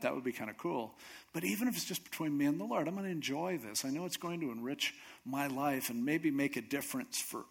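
A man gives a sermon in a relaxed, conversational way and pokes fun at himself. His voice sits a bit high and has a husky edge. His pitch swings widely as he talks. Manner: conversational, self-deprecating, animated. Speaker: pastor.

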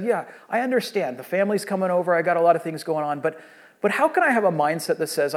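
A man's voice: high-pitched, expressive, fast. A man in his thirties, a pastor preaching a sermon and telling a long story in a conversational way with frequent restarts.

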